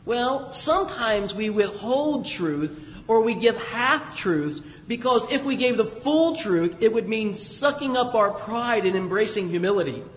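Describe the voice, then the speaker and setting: A man with a high voice preaches a sermon, talking to the congregation like a friend and pushing his voice up for emphasis. He is heard from a distance in a large echoing church, with a long reverb tail behind every phrase. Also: lively intonation, unhurried, slight background noise. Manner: conversational preaching with emphatic rises and asides. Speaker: pastor.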